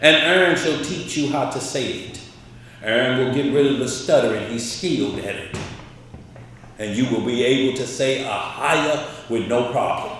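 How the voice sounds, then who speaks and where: A man's voice: medium pitch, moderate pace, a bit bright, a little hiss or hum. A man teaching a bible study in a colloquial preaching style, asking his listeners questions as he explains the text. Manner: colloquial, asks the group questions. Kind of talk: conversational preaching. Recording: echoey room, distant mic, faint ambience.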